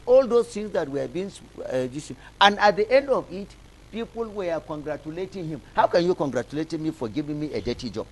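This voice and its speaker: Stacking up repeated phrases, a Nigerian man gives heated, rhetorical commentary as a political analyst guest on a studio talk show. His voice leans high, expressive and brisk, captured in a low-quality recording.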